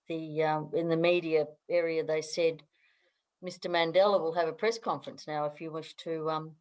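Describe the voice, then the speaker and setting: A woman's voice: deep voice, a little mellow, low-quality recording. A middle-aged Australian woman chatting as an interview guest, laughing often and restarting her sentences. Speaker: guest, newspaper editor. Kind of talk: casual interview chat.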